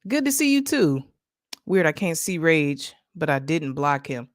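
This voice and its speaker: A woman from Michigan hosts a late-night livestream in a lowish voice with a wide, animated pitch range. She chats casually with her viewers and laughs easily as she reads out stories. The sound is close and dry. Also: measured pace, dry recording. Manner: chatty, laughs often, talks straight to viewers. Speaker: livestream host. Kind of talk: casual late-night chat, reading news stories and chat messages.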